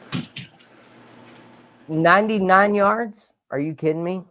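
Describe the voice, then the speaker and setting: A man hosting a live sports talk show, energetic and rambling, with loud outbursts. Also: on the high side, unhurried, no room sound. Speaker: podcast host.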